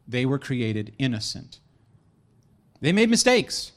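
A man's voice: mid-range voice, very animated, slow pace. A man preaching a sermon with emphatic delivery and playful joking asides.

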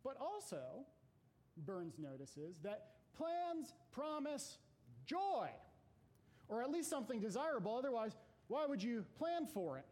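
A man who teaches Bible classes giving an unhurried, reflective devotional talk to a gathering, with hesitant fillers. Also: extremely high pitch, big pitch swings, a little mellow.

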